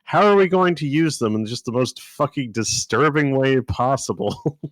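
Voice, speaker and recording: A man's voice: mid-range voice, lively intonation, normal speed, no room sound. A man co-hosting a casual book podcast, joking crudely and swearing freely. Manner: crude, joking, laughs at his own lines. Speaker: podcast co-host. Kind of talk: casual book-club chat.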